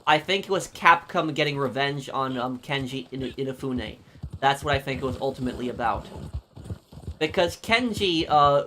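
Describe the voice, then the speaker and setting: Guy streaming a game n chatting w chat, mid pitch, rambly w lots of ums, faint hoofbeats n game noise behind. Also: a bit bright. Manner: rambling, halting with many fillers. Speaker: gaming streamer. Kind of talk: live stream chat with viewers.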